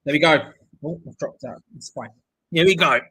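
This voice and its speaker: A young man hosts a live football watch-along, joking, bantering with viewers and calling the play as it happens. His voice is husky and a little breathy, pitched somewhat high for a man. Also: moderate pace, bright, forceful tone, poor audio. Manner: chatty, jokey, reads viewer comments aloud.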